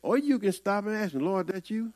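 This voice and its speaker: Lively folksy Southern preacher man. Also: high-pitched, brisk. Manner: conversational preaching, rising and falling, folksy. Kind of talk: sermon.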